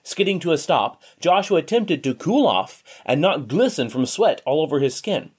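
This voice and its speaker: A man narrating a story in an expressive, steady reading voice. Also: a little high, normal speed, breathy edge.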